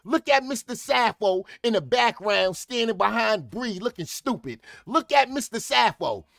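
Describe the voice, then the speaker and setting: A man giving profane comedic reaction commentary, ranting and breaking into sudden shouted outbursts. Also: high voice, lively intonation, normal speed, gravelly, no echo, studio quality.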